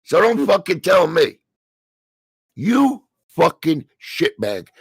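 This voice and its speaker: A middle-aged man with a New Jersey accent, delivering a heated, profanity-filled rant on a stream, stammering and shouting as he goes. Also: on the high side, huge pitch swings, slow pace, creaky, husky, no echo. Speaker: stream co-host. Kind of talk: angry ranting commentary.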